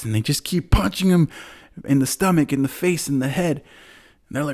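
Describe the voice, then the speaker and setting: A man's voice: a little high, brisk, darkish tone. A man hosting a podcast, casually retelling a movie plot in a rambling way, full of fillers and acted-out quotes. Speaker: podcast host.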